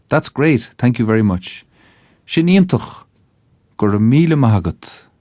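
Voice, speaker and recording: Slow, deep-voiced Irish male tutor. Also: a little mellow, dry recording, clean studio sound. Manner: slow, careful enunciation for repetition. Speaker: language teacher. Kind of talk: scripted language lesson narration.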